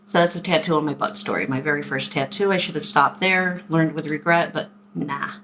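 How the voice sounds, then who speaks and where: A woman in her forties telling stories in a casual vlog, chatty and animated as she acts out what people said. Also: low-pitched, a little fast, a little hiss or hum. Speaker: vlogger. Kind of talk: casual storytelling to camera.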